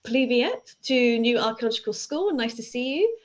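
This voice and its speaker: A woman's voice: on the high side, big pitch swings, moderate pace. Fields: Sex: woman. Role: host. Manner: reassuring, reads viewer questions. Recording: dull, lo-fi call audio. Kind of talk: casual interview over a live stream.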